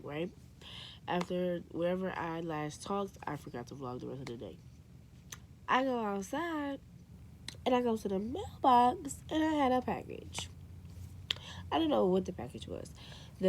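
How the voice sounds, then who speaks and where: Young woman, book vlogger, lowish voice, talky and excitable, faint room hum. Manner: chatty, excitable, says "like" and "y'all". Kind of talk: casual vlog chat to camera.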